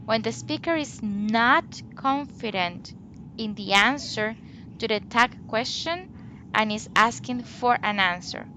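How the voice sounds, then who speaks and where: A woman teaching an online English lesson, speaking slowly and deliberately and exaggerating rising and falling intonation in her examples. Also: a little high, bright, forceful tone, slight background noise.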